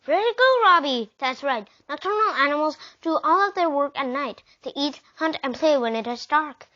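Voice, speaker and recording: Brief: woman voicing a patient but firm teacher in a storybook, high voice. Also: lively intonation, normal speed, bright, forceful tone. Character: patient female schoolteacher, firm but kind. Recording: dull lo-fi recording.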